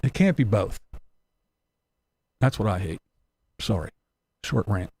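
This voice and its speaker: A man's voice: fairly low pitch, lively intonation, slow pace, a little mellow, slightly rough, dry recording, studio quality. A man hosting a casual livestream, reading comments aloud and ranting bluntly with profanity and chuckles. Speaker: livestream host.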